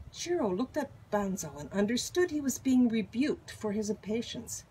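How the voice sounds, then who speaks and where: An older woman reading a children's picture book aloud in an expressive, animated storytelling manner. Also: a little high, moderate pace, few pauses, noisy background. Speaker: storybook reader.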